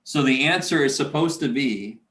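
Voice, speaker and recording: A man's voice: mid-range voice, expressive, moderate pace, a bit bright, reverberant. A man teaching a math lecture, talking himself through the arithmetic and muttering curses under his breath. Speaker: math instructor. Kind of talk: recorded classroom lecture.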